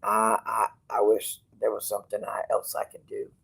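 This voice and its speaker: A man livestreaming from a hospital bed, rambling bluntly and with swearing, going from quiet musing to loud, stubborn outbursts. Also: lowish voice, monotone, moderate pace, creaky, husky, rough recording. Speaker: streamer.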